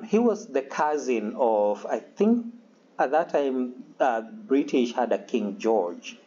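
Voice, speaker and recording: A man's voice: medium pitch, a little mellow, lo-fi sound. A man giving a loose, conversational history lecture, full of fillers and acted-out asides. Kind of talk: recorded classroom lecture.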